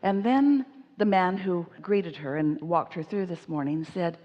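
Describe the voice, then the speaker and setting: A woman giving an inspirational seminar talk, speaking as "we" in an emphatic, animated way while answering audience questions. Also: fairly low pitch, a little slow, in a large hall, lo-fi sound.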